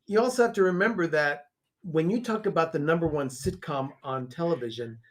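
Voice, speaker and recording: A man co-hosting a casual watch party, telling anecdotes in a chatty, animated way. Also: on the high side, a little fast. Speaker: co-host.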